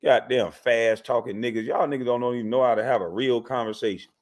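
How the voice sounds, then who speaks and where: A male host of a live call-in stream talks back to his callers in a blunt, profane, heated way. His pitch sits in an ordinary middle range. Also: quick pace.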